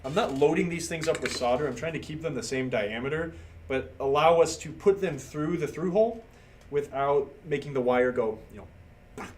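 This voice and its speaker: With a slightly high voice at a moderate pace, a man livestreams from his workbench, casually walking through a pinball circuit board repair step by step while he works and chats with viewers. Slight background noise is audible.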